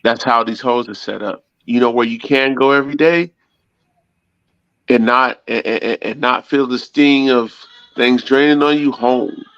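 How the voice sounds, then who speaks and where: A man's voice: mid-range voice, fairly even intonation, a little slow, fairly bright tone, dry recording. Blunt man on dull, dry lo-fi audio. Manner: blunt, repetitive analogies, restarts words. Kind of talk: casual opinionated chat.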